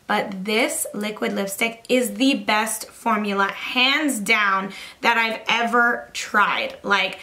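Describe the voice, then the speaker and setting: Bright, gushing young woman vlogger. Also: medium pitch, slow. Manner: chatty and gushing, heavy use of "like" and "literally". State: slightly out of breath. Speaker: beauty vlogger. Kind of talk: casual makeup review vlog.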